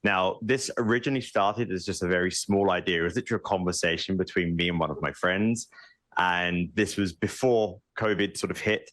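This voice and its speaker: A man's voice: low-pitched, a little fast, a bit bright, no room sound. A man, a game developer, answering interview questions in a relieved way with frequent fillers.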